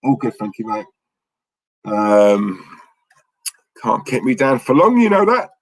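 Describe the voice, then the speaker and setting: A man's voice: fairly low pitch, slow pace, husky, no echo, low-quality recording. A young man with a London accent hosting a football watchalong stream, chatting casually and rambling while reading out chat messages. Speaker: watchalong host.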